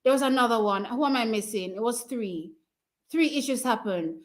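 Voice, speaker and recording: A Jamaican woman hosting a livestream watch party, giving emotional, excitable race commentary and casual chat. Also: on the high side. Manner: emotional, excitable, quick to cheer.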